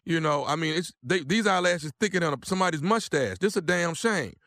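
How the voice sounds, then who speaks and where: A man's voice: on the high side, expressive, brisk, gravelly, a bit bright, dry recording. A man making a prank phone call, complaining in a blunt, drawling, repetitive way. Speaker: prank caller.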